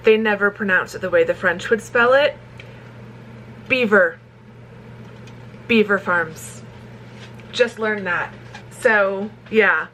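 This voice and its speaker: A woman talks casually to her camera at home, her voice sitting in a middle pitch. She rambles from thought to thought and laughs easily. A faint hiss runs beneath her words. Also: a little slow, pushed and bright, poor audio. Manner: chatty, rambling, laughs often. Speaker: romance author vlogger. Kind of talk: casual vlog chat. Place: at home, kitchen.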